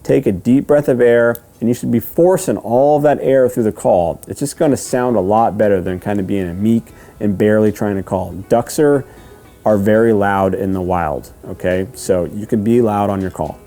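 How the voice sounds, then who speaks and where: A man giving a step-by-step lesson, patient and repetitive, often checking in with "okay?" and slowly counting out rhythms. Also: fairly low pitch, mellow, soft background music. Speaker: duck calling instructor. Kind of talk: step-by-step instruction.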